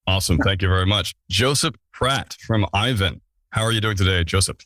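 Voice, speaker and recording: A man's voice: sits low, a little fast, fairly bright tone, dry recording. A man hosting a casual podcast, introducing the episode and guests with playful, self-mocking asides. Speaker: podcast host.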